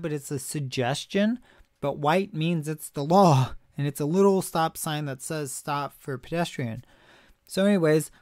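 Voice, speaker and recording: A man vlogging, telling a long rambling story in an animated, ranting way with frequent asides. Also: fairly high pitch, no echo, clean studio sound. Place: lives in Missouri.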